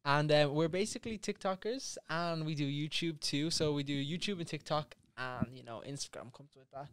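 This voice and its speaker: A man's voice: on the high side, moderate pace, smooth, dry recording. Laid-back young man, dry close mic. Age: young adult. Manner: laid-back, rambling with fillers. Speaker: guest, social media creator. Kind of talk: casual chat.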